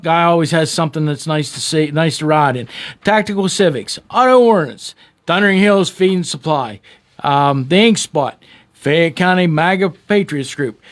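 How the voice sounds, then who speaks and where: A man hosts a local radio show. His voice sits high, and he moves between a rally-style speech and loose, folksy talk. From Pennsylvania, USA. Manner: rousing, rally-style delivery in the speech, folksy rambling in the chat. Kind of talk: campaign speech and casual radio chat.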